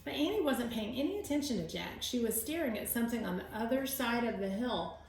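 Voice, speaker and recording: A woman's voice: on the high side, lively intonation, fairly quick, gravelly, echoey room, poor audio. A woman reading a children's book aloud as a teacher, with chatty asides to her young listeners. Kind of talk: read-aloud storytelling.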